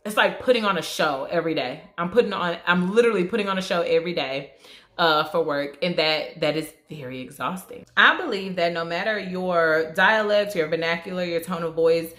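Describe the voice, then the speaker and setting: A woman's voice: brisk, a bit bright, reverberant. A young woman with a Southern country twang, talking candidly and casually in a get-ready-with-me vlog. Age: young adult. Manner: candid, conversational, shifts into higher voice for quoted business tone. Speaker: vlogger.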